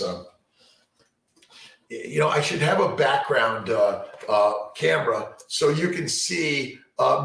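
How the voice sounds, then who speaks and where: Man, gravelly voice, rambling motivational live chat, echoey room. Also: medium pitch, fairly bright tone. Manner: upbeat, repetitive, motivational, many fillers and restarts. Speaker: fertility doctor hosting a live Q&A. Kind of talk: rambling live-stream chat answering viewer questions.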